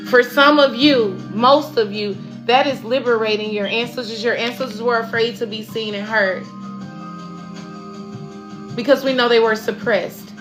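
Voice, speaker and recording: Woman, spiritual card reader, emphatic, slangy, slightly high voice, music behind. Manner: emphatic, preachy, slang-filled. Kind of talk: tarot and oracle reading.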